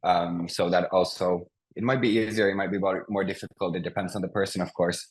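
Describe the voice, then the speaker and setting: A man teaching a language class over a video call, speaking patiently with many pauses and restarts. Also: deep voice, fairly even intonation, rough recording. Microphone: computer mic on a video call.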